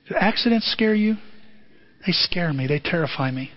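A man's voice: high voice, lively intonation, moderate pace. A man preaching a sermon, telling a personal story in an earnest, self-deprecating way. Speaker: pastor. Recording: dull lo-fi sermon recording.

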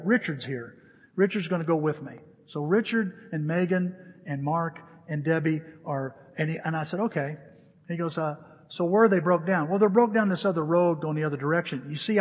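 A man preaching a sermon, telling a story with lively back-and-forth dialogue before turning to scripture. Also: on the high side, a little fast, husky, long reverb tail, lo-fi sound. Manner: animated storyteller acting out both sides of phone calls. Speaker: pastor.

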